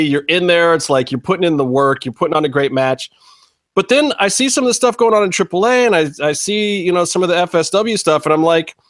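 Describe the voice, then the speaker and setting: A man's voice: high voice, fairly bright tone, no echo. A man hosting a casual interview, asking rambling, blunt questions with some swearing. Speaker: podcast host. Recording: dry close sound.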